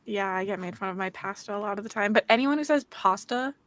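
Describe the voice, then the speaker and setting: A woman from Kansas chatting on a livestream, giggling and animated. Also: medium pitch, rapid-fire, no room sound. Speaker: readathon co-host. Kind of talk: casual group chat on a livestream.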